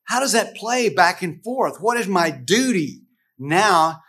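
A man's voice: high-pitched, sing-song, slow, bright, forceful tone. A man from the United States teaching a casual Bible lesson to a group, talking conversationally with frequent restarts and rhetorical questions.

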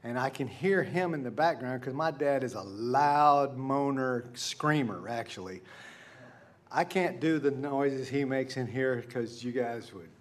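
Unhurried and mid-range in voice, a middle-aged pastor preaches by telling a story conversationally. At times he lowers to a hush for asides; at others he climbs to emphatic heights.

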